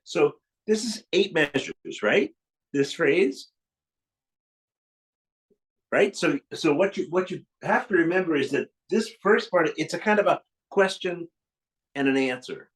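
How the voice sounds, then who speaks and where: A man's voice: on the high side, lively intonation, measured pace, long pauses, rough recording. A man teaching piano to a young student, encouraging and demonstrating phrases as he goes. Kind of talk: piano masterclass coaching. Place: room with a piano being played. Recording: loud piano over the voice.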